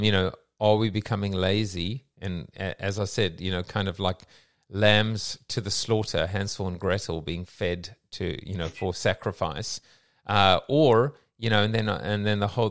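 A man's voice: on the low side, dry recording, studio quality. A man hosting a casual online coffee chat, talking in a rambling, reflective way with many fillers. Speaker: host of a daily online audio coffee chat.

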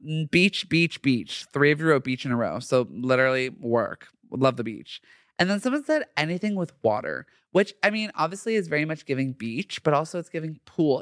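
A man's voice: a little high, no room sound, clean studio sound. A young man hosting a podcast, chatting casually and gushing with lots of slang. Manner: animated and gushing, heavy slang. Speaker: podcast host. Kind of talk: casual solo podcast chat.

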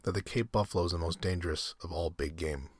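A polite, inquisitive hunter and dinner guest, as a reader puts him on. The voice is low and a little husky. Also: male voice, fairly even intonation, fast talker, no echo. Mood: curious. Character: curious, polite male big-game hunter guest.

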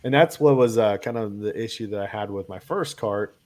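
A man's voice: lowish voice, brisk, a little mellow. Guy with a cold rambling on about his kayak cart, lots of ums. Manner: rambling, many fillers and restarts. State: has a cold. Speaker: kayak angler guest. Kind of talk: casual chat.

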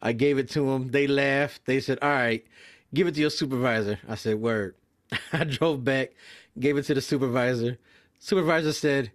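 A young man telling a profane, animated story about his work as a mail carrier, acting out the other people's lines in quick voices. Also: medium pitch. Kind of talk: casual storytelling on a podcast.

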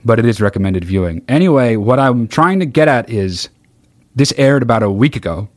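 A man's voice: mid-range voice, lively intonation, fairly quick, no room sound. A man hosting a podcast in a rambling, sarcastic comedic monologue, swearing constantly. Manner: sings mock-solemn snatches of songs. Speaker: podcast host.

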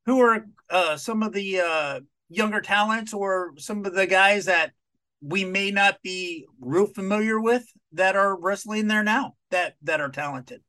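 A male podcast host puts easygoing questions to his guest, often restarting mid-sentence. His voice sits high and sounds bright and sharp. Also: measured pace. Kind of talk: casual interview questions.

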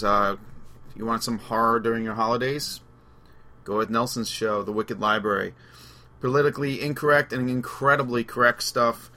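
A man's voice: medium pitch, sharp tone. A man hosting a podcast, telling rambling stories in casual chat and laughing as he goes. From Long Island, New York. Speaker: podcast host.

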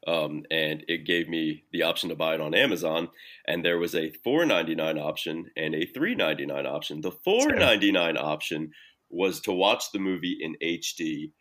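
A man co-hosts a casual podcast with deadpan delivery. His voice is very deep but has a bright edge. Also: normal speed. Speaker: podcast co-host. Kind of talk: casual chat.

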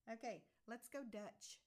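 A woman's voice: a little high, a little mellow. A woman with a Southern US accent, explaining English slang and phrases in a friendly lesson and chuckling now and then. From Southern United States. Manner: friendly, chuckles often, slows down to spell and define words.

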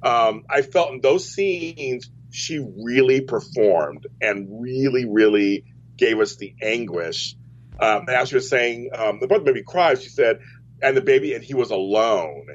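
A man's voice: mid-range voice, lively intonation, unhurried. A man hosting a soap opera chat show, talking casually and rambling with many restarts. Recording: dull lo-fi audio.

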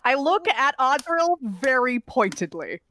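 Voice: high voice, big pitch swings, a little slow, pushed and bright. A tabletop game player bantering in a playful, teasing way. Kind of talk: casual role-play banter.

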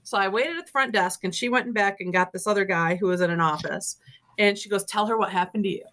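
A woman author, appearing as an interview guest, tells ghost stories casually and fast in a mid-range voice. She's a lively storyteller who laughs often and acts out other people's lines.

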